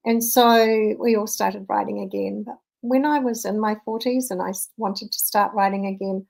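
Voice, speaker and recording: A woman's voice: mid-range voice, creaky, poor audio. A woman in her fifties, a mindset coach, telling a personal story in an earnest, conversational motivational talk.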